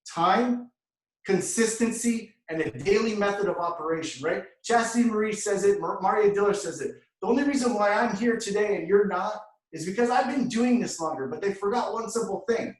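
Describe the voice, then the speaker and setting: A man telling his story as an energetic motivational testimonial, often calling the crowd "guys.". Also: sits high, fairly quick, echoey room, recorded from a distance, rough recording. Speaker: award recipient speaker.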